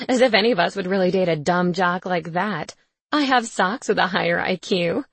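A woman's voice: on the low side, normal speed, fairly bright tone, husky, dry recording. A woman voicing a snide, gossipy young sorority woman with a mocking tone. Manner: mocking, snickering.

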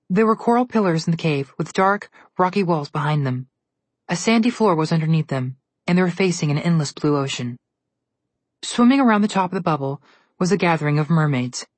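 A woman reads a fantasy storybook aloud at a steady storytelling pace. Her voice is lowish and a little breathy. It is recorded dry and close with no room sound. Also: no echo. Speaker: narrator. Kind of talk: storybook reading.

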